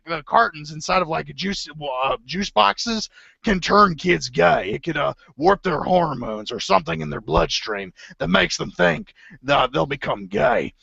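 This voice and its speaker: A gravelly, forceful conspiracy radio host, put on by a man rants in circles, tripping over his words and correcting himself as he goes. His voice sits a little high and has a hard, sharp edge. The sound is dull and lo-fi, like cheap stream audio. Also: dry recording, heavily acted. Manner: rambling, stammering, self-correcting rants. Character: blustering middle-aged male conspiracy radio host. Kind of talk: improvised comedy impression.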